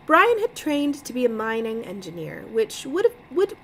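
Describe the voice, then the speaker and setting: A woman's voice: a little high, big pitch swings, unhurried, a little hiss or hum, poor audio. A woman reading a mystery novel aloud on a livestream, chatty, laughing often and breaking off to comment. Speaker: livestream book reader. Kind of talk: casual read-aloud livestream.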